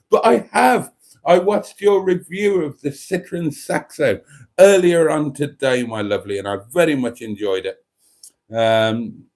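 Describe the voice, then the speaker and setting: A man's voice: mid-range voice, big pitch swings, measured pace, a little mellow. A man from Britain hosting a live stream, chatting casually and rambling between jokes. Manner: rambling, jokey, theatrical.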